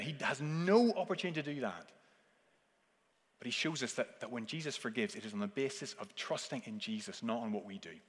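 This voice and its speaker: A man delivering a sermon in a middle-pitched voice, earnest and searching. He pushes hard on key points and then falls almost silent for the weightiest lines. His voice trails off in the long reverb of a large church hall. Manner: earnest, swings between forceful emphasis and hushed intensity. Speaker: preacher.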